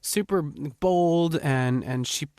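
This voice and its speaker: An American man being interviewed as a guest on the radio, relaxed and laughing easily. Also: a little high, takes it slowly, clean tone, no echo, clean studio sound. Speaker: guest singer.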